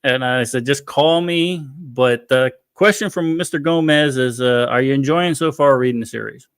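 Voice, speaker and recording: A man's voice: mid-range voice, normal speed, smooth, no echo, clean studio sound. Easygoing man hosting a podcast. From Florida, USA. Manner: easygoing, rambling, laughs often. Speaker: podcast host. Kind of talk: casual chat.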